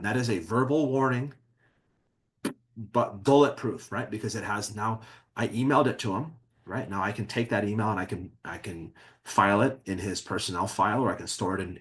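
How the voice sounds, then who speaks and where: His voice lowish and a bit bright, a man gives a workplace webinar as an HR consultant. He keeps it conversational, repeatedly checking in with "okay?" amid many fillers and restarts.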